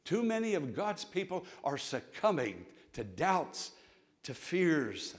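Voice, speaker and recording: A man's voice: a little high, sing-song, slow pace. A man preaching a sermon in a church, with emphatic repetition and call-and-response. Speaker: pastor. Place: church sanctuary.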